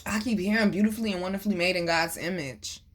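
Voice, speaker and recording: A woman giving a casual tarot reading to her viewers, animated and preachy, calling them baby and boo and swearing freely. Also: on the low side, fast talker, husky. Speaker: tarot reader.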